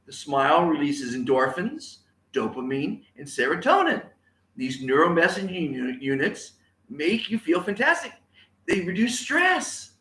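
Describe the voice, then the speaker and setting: A man's voice: a little high, big pitch swings, measured pace, bright, forceful tone, reverberant. A man giving an enthusiastic live-streamed motivational talk, repeating catchphrases and urging viewers to say them aloud. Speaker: motivational speaker. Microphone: on camera, live stream.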